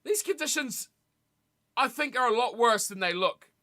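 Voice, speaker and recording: A young man streaming a rugby watch party, commentating on the play and chatting casually with his viewers, with sudden loud reactions. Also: very high-pitched, expressive, normal speed. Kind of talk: casual live commentary and chat.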